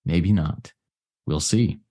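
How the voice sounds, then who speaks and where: A man voicing a calm, patient old farmer in a spoken fable, his tone even and unbothered. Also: deep voice, slow pace.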